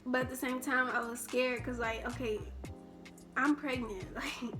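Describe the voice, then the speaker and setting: Young woman, storytime vlog, rambling, flat delivery, music in background. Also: high voice, measured pace. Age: young adult. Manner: rambling, full of "like" and restarts. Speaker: vlogger.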